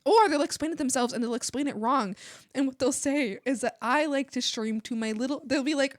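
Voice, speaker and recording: Giggly, high-voiced young woman streamer. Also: a little fast, no room sound, clean studio sound. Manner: chatty, giggly, acts out quoted people in exaggerated voices. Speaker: streamer and illustrator. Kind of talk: casual chat while drawing on stream.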